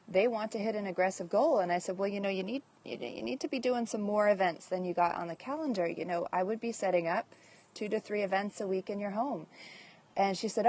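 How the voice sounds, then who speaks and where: A woman's voice: medium pitch, darkish tone. A woman hosting a casual live stream from home on her phone, upbeat and reading out viewer comments as she talks. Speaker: livestream host and direct-sales leader. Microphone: phone livestream.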